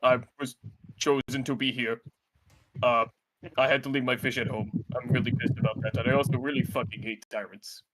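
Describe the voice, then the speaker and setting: A man's voice: mid-range voice, fairly even intonation, fairly quick, fairly bright tone, slight background noise, natural voice. A man voicing a blunt male barbarian who hates tyrants. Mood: grumpy. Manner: blunt, plain-spoken.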